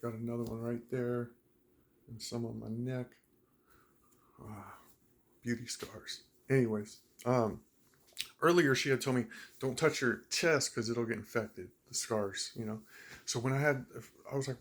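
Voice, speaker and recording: A man's voice: mid-range voice, moderate pace. Man telling a story, rambling and laughing. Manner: rambling, laughs while telling, many fillers. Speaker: vlogger. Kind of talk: casual personal story.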